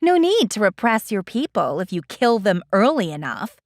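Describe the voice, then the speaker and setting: A woman's voice: medium pitch, sing-song, moderate pace, dry recording, clean studio sound, close to an everyday voice. A woman voicing an angry, defiant female teacher in an audiobook, sarcastic and biting. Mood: scornful. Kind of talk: audiobook character voice.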